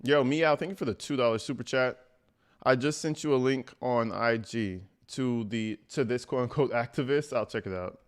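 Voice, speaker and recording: A man's voice: medium pitch, moderate pace, smooth. A man streaming live, reacting to a video with blunt, mocking and profane commentary.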